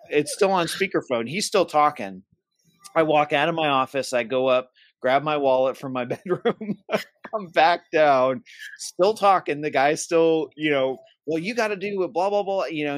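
A man's voice: on the high side, unhurried, no echo. A man co-hosting a church safety podcast, telling a personal story in casual chat and acting out what each person said. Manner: animated storyteller who acts out quoted dialogue.

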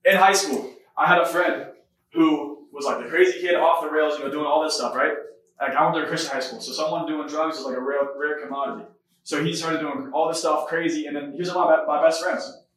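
A young man preaching a testimony sermon, telling stories in a rapid, animated way. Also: fairly high pitch, far from the mic. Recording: echoey room, voice from afar.

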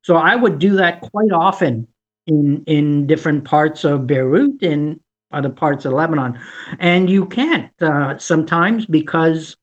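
A speaker in casual chat, recounting travel adventures in a halting way that repeats words. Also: medium pitch, highs cut off. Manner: halting, repeats words while telling stories.

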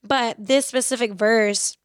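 Earnest woman, faith talk, slightly high voice, dry close sound. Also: clear, resonant tone, dry recording. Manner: earnest, reflective, reads verses slowly. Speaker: faith podcast host. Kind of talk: personal faith talk with scripture reading.

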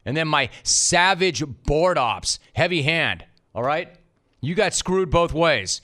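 Male sports radio host, middle-aged, slightly high voice, sarcastic, ranting monologue. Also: animated, slow pace, sharp tone. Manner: sarcastic, ranting, mock-indignant.

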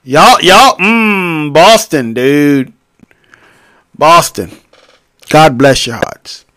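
A man hosting a casual solo podcast, rambling and profane, with sudden loud outbursts. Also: fairly high pitch, very slow, dry recording. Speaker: podcast host.

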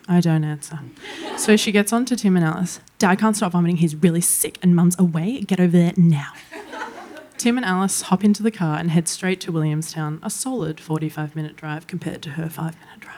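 A young Australian woman telling a comedic family story, lively and often laughing as she speaks. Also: on the low side, slight background noise. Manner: lively, laughs through her lines.

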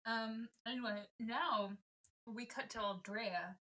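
A woman's voice: fairly high pitch, slow, bright, forceful tone. A woman co-hosting a casual podcast, trading jokey asides about a book. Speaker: podcast co-host. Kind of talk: casual book-club chat.

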